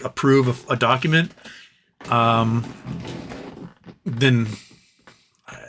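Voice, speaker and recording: A man hosting a relaxed live stream, reading out comments from his viewers and answering them one by one. He is tired and his voice is starting to wear out, but he keeps talking in a loose, chatty way at a middle pitch. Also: slight background noise. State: tired, voice wearing out. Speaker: livestream host reading chat. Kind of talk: casual live-stream chat.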